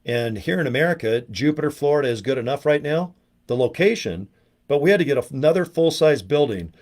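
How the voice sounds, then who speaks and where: Brash rambling man giving a sales pitch. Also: animated, fairly quick, a little mellow. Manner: rambling, brash and profane, acts out quoted voices. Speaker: network marketing promoter. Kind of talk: casual motivational pitch.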